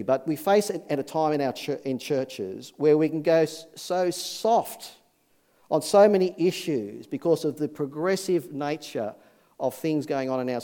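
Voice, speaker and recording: Male pastor, mellow slightly high voice, folksy sermon delivery. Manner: folksy, earnest, many fillers and restarts.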